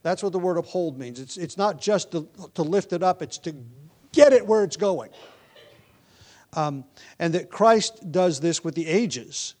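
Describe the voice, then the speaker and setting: A man with a slightly higher voice gives an expository sermon in a measured, deliberate way. He slows down on key words, now and then restarts a phrase or adds an um, and teaches steadily through the text. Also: animated, darkish tone. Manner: occasional ums and self-corrections. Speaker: preacher.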